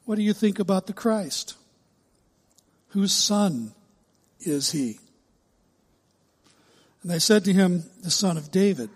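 A pastor preaching a sermon, measured and emphatic, stretching key words slowly for the congregation. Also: male voice, sits high, expressive, breathy edge, big-room sound.

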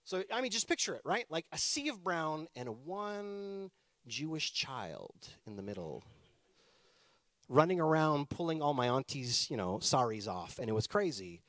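A man in his thirties from Canada, a pastor telling a personal story in a chatty, animated sermon style. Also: fairly high pitch, moderate pace, no room sound, studio quality.

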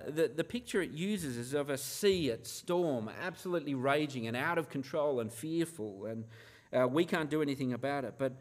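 A man, a pastor, preaching a sermon in an earnest manner, often asking the listeners rhetorical questions. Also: medium pitch.

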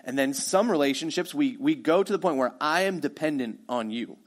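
A man's voice: on the high side, expressive, fairly quick. A middle-aged man preaching a sermon as pastor, telling the story in a casual, conversational way and acting out the quoted voices.

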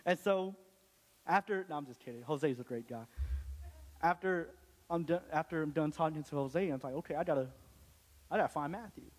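Young man, church testimony, casual and joking, slightly higher voice, long hall reverb. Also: fairly quick, pauses often. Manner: casual, joking, many restarts. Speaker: church speaker giving testimony. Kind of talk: testimony to a congregation.

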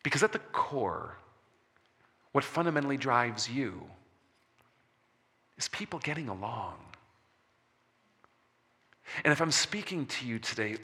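A man preaching a sermon as a pastor, slowing for emphasis and dropping soft on key words. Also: medium pitch, sing-song. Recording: long reverb of a large hall.

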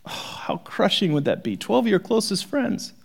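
Man preaching, fairly high voice, dramatic swings from soft to loud. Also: sing-song, moderate pace, vocal fry. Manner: dramatic, swings from hushed to forceful. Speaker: pastor. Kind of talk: sermon.

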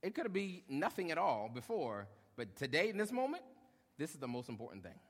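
A young adult male pastor preaching a sermon, lively, acting out short quotes and joking with the congregation. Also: fairly high pitch, fairly quick. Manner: animated, acts out short quotes, jokes with congregation. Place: church hall. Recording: long hall reverb.

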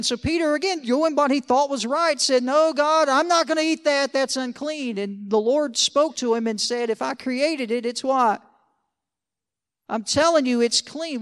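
A male pastor delivers a sermon in a chatty, conversational way. His voice sits unusually high for a man. He keeps checking in with rhetorical questions and tossing off joking asides.

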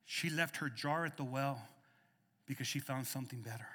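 A man's voice: mid-range voice, moderate pace, sharp tone, big-room sound. A middle-aged male pastor preaching a sermon in a church, emphatic and repeating words as he starts phrases. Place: church sanctuary.

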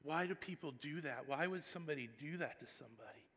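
A scared little boy of three, small and hushed, as a father puts him on. The voice is soft, bright and forceful beneath the quiet, and it rings through a long reverberant hall. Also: a little high, fast. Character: frightened little three-year-old boy.

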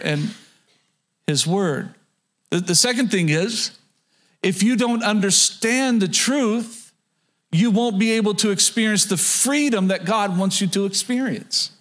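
Male pastor, high-pitched, preaching a sermon with repeated phrases and frequent restarts. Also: a bit bright. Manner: repeats key phrases, restarts with stammered words.

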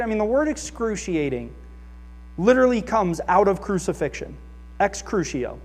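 High-voiced pastor preaching in a reverberant hall. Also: male voice, very animated, normal speed. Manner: earnest, reads scripture aloud and acts out quoted voices. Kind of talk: sermon. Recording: long reverb of a large hall.

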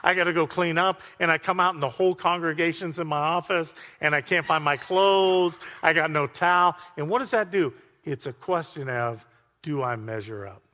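Animated preacher in a reverberant hall. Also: male voice, a little high. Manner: animated preaching with congregation call-outs. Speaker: pastor. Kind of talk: sermon.

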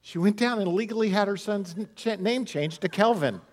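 A middle-aged male pastor preaching a sermon in an animated, humorous way, with laughs and asides to the congregation. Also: high voice, a little fast, few pauses.

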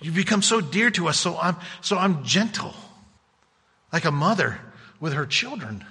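Male pastor, high bright voice, a bit husky, earnest emphatic sermon, long reverb of a church. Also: lively intonation, normal speed. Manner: earnest, emphatic preaching with repeated restarts.

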